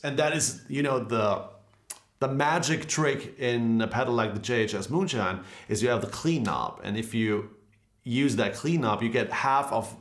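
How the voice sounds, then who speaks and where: A man's voice: medium pitch, fairly bright tone. A man in a casual guitar lesson, explaining pedal tones in a loose, conversational way with frequent fillers. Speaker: guitar teacher. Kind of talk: casual gear demonstration. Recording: echoey room with faint guitar music.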